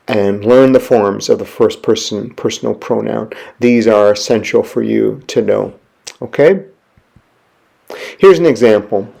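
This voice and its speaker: Male lecturer, unhurried, with some vocal fry; patient, explanatory classroom delivery. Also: on the low side, dark tone. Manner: slow, explanatory, reads Greek aloud.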